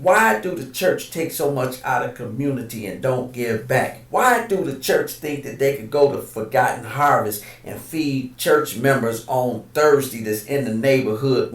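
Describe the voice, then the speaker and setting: A man from hosting a podcast, delivering an impassioned monologue of rapid-fire, indignant rhetorical questions. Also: mid-range voice, recorded from a distance. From Detroit. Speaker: podcast host. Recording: echoey room, voice set back from the mic.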